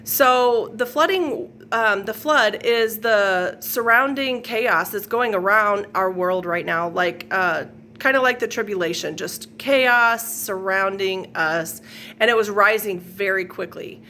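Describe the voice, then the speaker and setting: A woman's voice: medium pitch, slow, pushed and bright, a little hiss or hum. A middle-aged woman earnestly retelling a dream as a personal faith testimony, rambling with fillers and quoted lines. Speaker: faith video host. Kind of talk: personal testimony, casual storytelling.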